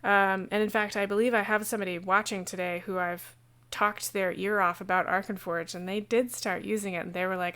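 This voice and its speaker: A woman's voice: mid-range voice, fairly even intonation, a bit bright. Chatty woman game master on stream. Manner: chatty and digressive, breaks into quick asides. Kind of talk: casual how-to talk on a livestream.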